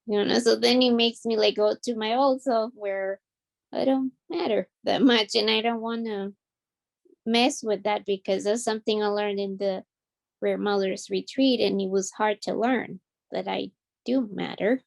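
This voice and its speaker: A mother in a support group speaking hesitantly and softly about avoiding conflict. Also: medium pitch, steady tone, measured pace, gravelly. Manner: hesitant, soft, laughs nervously. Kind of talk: casual sharing in a support group.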